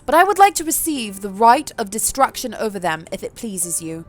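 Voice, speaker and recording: A woman's voice: mid-range voice, very animated, fairly quick, lightly acted. A woman voicing a composed, elegant vampire noblewoman in a put-on, old-fashioned posh accent, formal and refined. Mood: poised.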